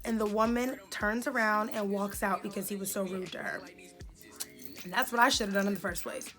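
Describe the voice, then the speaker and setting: A young woman in her twenties, a beauty vlogger telling an indignant, animated story while doing her makeup. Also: medium pitch, fairly quick, music in the background.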